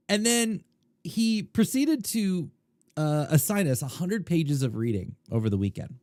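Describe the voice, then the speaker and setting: A middle-aged man hosting a podcast, telling stories in a casual, animated way, swinging between loud and quiet. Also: fairly high pitch, unhurried, dry recording, studio quality. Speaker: podcast host, poker coach. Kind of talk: casual storytelling monologue.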